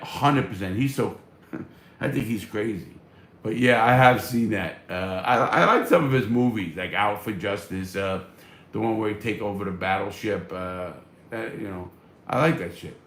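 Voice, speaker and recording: Blunt gravelly man on a live stream. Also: fairly low pitch, fairly even intonation, normal speed, a bit bright, echoey room, slight background noise. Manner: blunt, profane, fired up. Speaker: livestream host reading viewer comments. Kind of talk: casual live chat.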